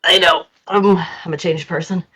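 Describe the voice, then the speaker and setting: Woman, player in character, tabletop role-play, teasing, coaxing, lowish voice. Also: steady tone, normal speed, pushed and bright, husky.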